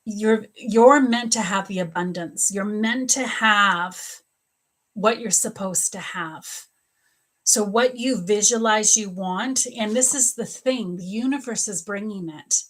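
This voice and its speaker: A woman's voice: medium pitch, slow, a bit bright. A middle-aged woman doing live psychic readings, talking straight to viewers by name, often repeating herself and laughing. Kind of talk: live-stream readings answering viewer questions.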